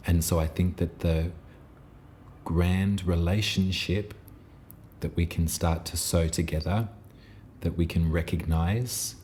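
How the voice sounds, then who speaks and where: A man giving an intuitive tarot reading in a soft, reassuring, meandering way, pausing often and restarting his phrases. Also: sits low, fairly even intonation, a little hiss or hum. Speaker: tarot reader.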